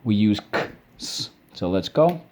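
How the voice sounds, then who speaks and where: A man's voice: on the low side, sing-song, a little mellow, slight background noise. A man teaching a vocabulary and spelling lesson. He breaks words into syllables and checks in with "okay?" after each point. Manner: drawn-out syllable drills.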